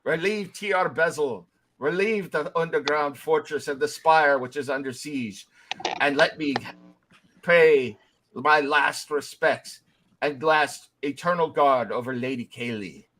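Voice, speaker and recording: A man's voice: fairly high pitch, a little slow, a bit bright, a little hiss or hum, rough recording. A man doing a stubborn ghost dwarf knight. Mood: furious. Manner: archaic, defiant, bellowing at intruders. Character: ghostly old dwarf knight guarding a tomb, stubborn and fierce.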